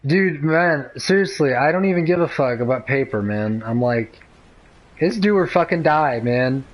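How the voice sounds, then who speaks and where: A man's voice: on the high side, animated, moderate pace, rough recording. A young man chatting casually while gaming, laid-back, rambling and profane.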